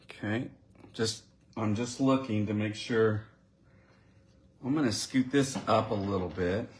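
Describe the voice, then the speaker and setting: A man's voice: on the low side, unhurried. A man giving a live card-making demonstration, chatting and thinking aloud as he works and talking directly to his viewers. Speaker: crafting demonstrator.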